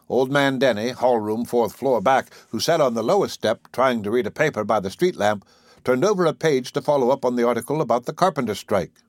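A man reading a story aloud as an audiobook narrator, in a measured, wry way. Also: mid-range voice, no room sound, clean studio sound. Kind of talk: scripted narration.

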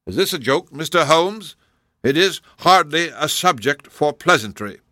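A man's voice: a little high, expressive, a little slow, bright, forceful tone, no echo, studio quality, pitched above the performer's own voice. A man voicing a stern, aging male duke in an audiobook, clipped and imperious. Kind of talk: audiobook character voice.

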